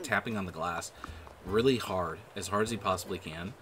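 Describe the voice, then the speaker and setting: A man's voice: deep voice, a little fast, noisy background. A man giving casual, rambling gameplay commentary, with lots of fillers and swearing. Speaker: gaming video creator. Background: background music.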